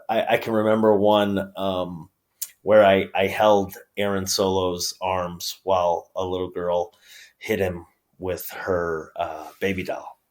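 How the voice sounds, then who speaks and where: Deep-voiced New York man, easygoing. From upstate New York. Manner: easygoing, halting phrases. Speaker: guest, pro wrestler. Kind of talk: casual interview chat.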